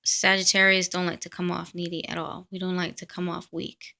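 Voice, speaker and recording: A woman's voice: on the low side, level tone, a little fast, gravelly, sharp tone. A woman vlogger talking bluntly to camera in a casual, ranting monologue.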